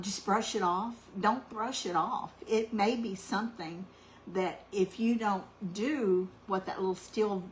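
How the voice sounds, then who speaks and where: A middle-aged woman telling a heartfelt personal story in a soft, meandering way, full of ums, growing louder when she gets excited. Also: mid-range voice, a little hiss or hum, low-quality recording. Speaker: cooking channel host.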